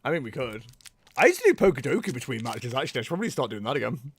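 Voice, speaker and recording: A man's voice: medium pitch, lively intonation, rapid-fire, husky. A man casually chatting to his stream from home, teasing his viewers with playful mock outrage. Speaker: livestream tournament commentator.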